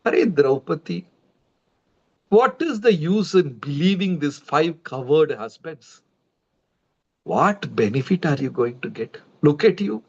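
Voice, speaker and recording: A man's voice: on the high side, animated, a little slow. A sneering, boastful prince taunts in a raised, strained register, put on by a man telling a sacred story. The audio is dull and lo-fi, like a livestream. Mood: scornful. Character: arrogant scornful prince tempting a queen.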